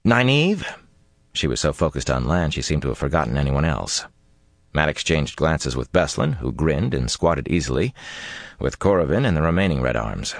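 A man narrating a fantasy audiobook in an expressive, dramatic storytelling manner. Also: rumbling low, normal speed, creaky, dry recording, clean studio sound.

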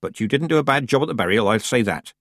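A male narrator puts on a commanding old witch woman who scolds and snaps. Her voice is husky and a touch raised, full of lively ups and downs. It is a dry, close audiobook reading. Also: mid-range voice, fast, no echo. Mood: curt. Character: stern, sharp-tongued old witch woman. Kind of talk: audiobook character voice.

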